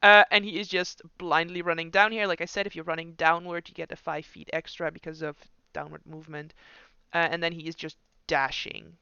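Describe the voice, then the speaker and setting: A man narrates a tabletop game as its game master, and his voice comes across bright and very crisp. He talks in a relaxed, chatty way. The sound is dry and a little dull. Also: on the high side, no echo. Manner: relaxed, chatty, puts on quick voices for figures.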